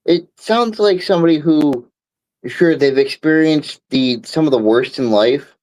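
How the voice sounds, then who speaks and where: A man's voice: on the high side, a little slow, darkish tone, poor audio. A man hosting a casual chat who talks in a frank, laid-back way and swears freely. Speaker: stream host.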